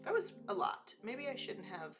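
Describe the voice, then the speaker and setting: A woman's voice: a little high, big pitch swings, normal speed, music in the background. A woman hosting a casual live digital-painting demo, chatty and self-teasing, with frequent fillers and asides. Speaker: digital artist and livestream host.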